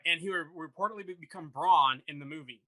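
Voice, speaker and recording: A man's voice: on the high side, fast, sharp tone. A man hosting a podcast, running through news in casual chat and steering the topics carefully. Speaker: podcast host.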